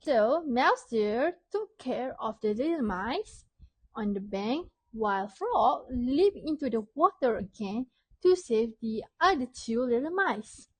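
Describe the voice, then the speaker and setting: Slow, high-voiced woman teacher. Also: animated, no room sound. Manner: slow, clear, asks and praises children. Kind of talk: storytelling lesson for young children.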